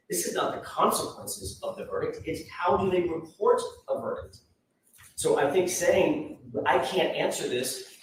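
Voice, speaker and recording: A man argues as defense counsel before the bench, insistent and pressing, often restarting his phrases. His voice sits at a middle pitch and comes from well off the microphone. A strong courtroom echo and a faint hiss surround the sound. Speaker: defense attorney. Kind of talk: courtroom argument. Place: large courtroom. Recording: echoey distant courtroom feed with faint noise.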